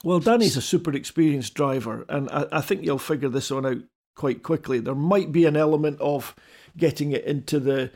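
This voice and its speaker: A man in a casual rally chat, speaking haltingly with many restarts, then settling into considered opinions. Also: on the high side, a little mellow.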